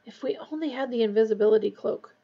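Woman doing an earnest boy wizard, urgent, fierce, husky, muffled lo-fi. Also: a little high, quick pace. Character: earnest determined schoolboy wizard.

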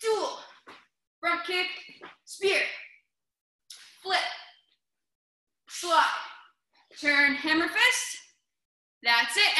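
Bright-voiced woman martial arts instructor. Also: very high-pitched, extremely slow, pauses often. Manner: calls out short commands, shouts sharp yells in demonstrations. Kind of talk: coaching a class through drills. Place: indoor training hall. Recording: roomy echoey hall.

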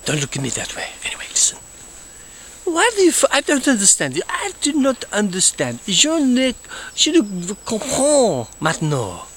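A man's voice: very high-pitched, wildly swooping pitch, unhurried, a bit bright, slight background noise, voice pushed up, exaggerated voice. A man playing a pompous, boastful French count with a put-on French accent, rambling theatrically and sometimes dropping to a whisper. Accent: fake French. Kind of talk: comedic character monologue.

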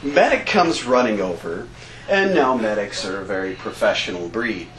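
A man telling a comic war story to a live convention audience, laughing and acting out shouts and sound effects. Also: on the low side, animated, moderate pace, a crowd in the background, rough recording. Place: convention stage.

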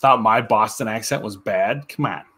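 A man's voice: on the low side, normal speed, sharp tone, slightly rough. A man talking casually to viewers on a livestream, chatty and laughing often. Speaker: livestream guest.

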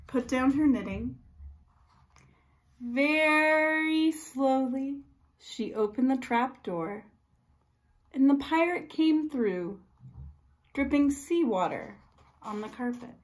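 A preschool teacher reading a storybook aloud to young children in a slow, expressive, sing-song way. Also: female voice, high-pitched, low-quality recording.

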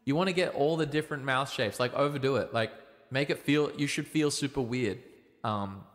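A young Australian man chatting casually on a livestream, giving relaxed, rambling singing tips with plenty of ums. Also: mid-range voice, normal speed. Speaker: livestreaming singer and guitarist. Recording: reverby room with guitar behind. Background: guitar playing.

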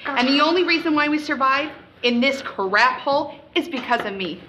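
A woman's voice: high-pitched, lively intonation, moderate pace, bright, forceful tone, a little hiss or hum, low-quality recording. A student actress playing a bossy, greedy wife who haughtily scolds her husband. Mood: scornful.

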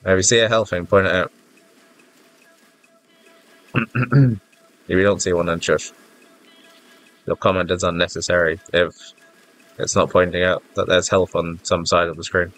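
A deep-voiced man talks through a video game in a loose, rambling way, mocking himself and getting flustered. His nose sounds stuffed up and congested. Faint game music plays underneath. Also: fairly even intonation, a little slow, long pauses, fairly bright tone. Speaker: gaming YouTuber. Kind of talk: casual gameplay commentary.

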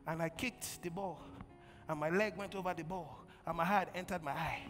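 High lively preacher in a big hall. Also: male voice, moderate pace. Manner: preaching with call-and-response, swinging from loud bursts to quiet storytelling. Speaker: pastor. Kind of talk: sermon. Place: large church hall. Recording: long church hall reverb, faint music.

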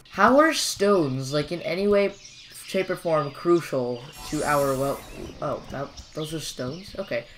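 A man's voice: fairly high pitch, unhurried, a bit bright, a little hiss or hum. A young man casually commentating while he plays a game, rambling and joking with lots of filler words. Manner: chatty, rambling and jokey, with frequent fillers. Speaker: gameplay commentator.

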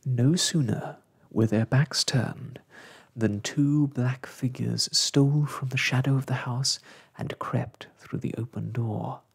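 A man reading a children's storybook in a soft-spoken ASMR style, slow and hushed. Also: mid-range voice, steady tone, creaky, slightly rough.

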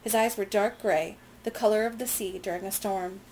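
A woman reads a novel aloud in a measured, plain storytelling voice, now and then stopping to explain. Her pitch sits in the middle range, and a faint background hiss runs under the recording. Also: fairly even intonation, a little mellow, rough recording. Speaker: reader. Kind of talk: reading a novel aloud with comments.

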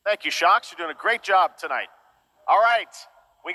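A male host builds up to a guest's entrance on a live show, hyped and rising in pitch. His voice is high and bright. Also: lively intonation, moderate pace, long reverb tail, low-quality recording.

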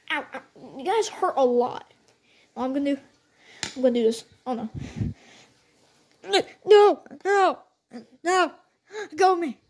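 A woman doing playful toy role-play, voicing every character with bouncy, excitable lines and frequent sound effects. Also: high voice.

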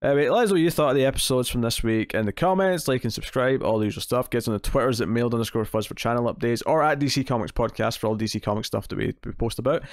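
A man's voice: medium pitch, racing, hardly any pauses, no echo. Rambling male podcast host, dry mic. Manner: rambling, self-correcting, laughs often. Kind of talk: casual podcast chat.

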